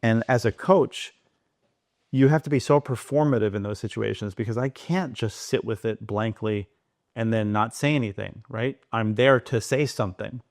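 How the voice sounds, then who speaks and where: A man speaking as a podcast guest, animated and digressive, talking in quick bursts. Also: lowish voice, dry recording, studio quality. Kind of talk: conversational interview.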